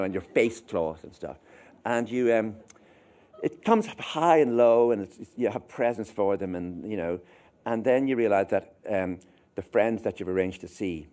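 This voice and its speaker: A man with an Irish accent giving a public lecture as an author, telling wry, halting stories. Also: on the low side, a little mellow. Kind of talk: anecdotal lecture.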